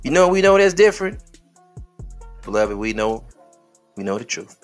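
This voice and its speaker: A man's voice: mid-range voice, very animated, moderate pace, faint music behind. A man hosting a podcast in casual commentary, preachy and full of rhetorical questions, addressing listeners as beloved. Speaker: podcast host.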